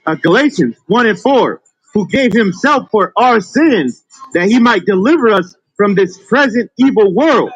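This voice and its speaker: A man slowly and carefully reading scripture aloud. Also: high voice, expressive, breathy edge, no room sound, highs cut off. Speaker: scripture reader.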